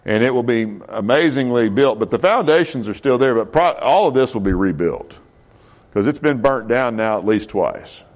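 A man's voice: mid-range voice, lively intonation, normal speed. Man teaching a casual Bible class. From United States. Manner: conversational, many fillers and self-corrections, asks the class questions.

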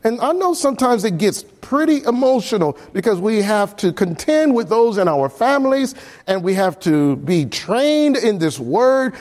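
A man's voice: very animated, moderate pace, a little mellow. A man preaching a sermon, earnest and exhorting, pleading with his listeners. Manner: earnest, exhorting, swings between emphatic and low.

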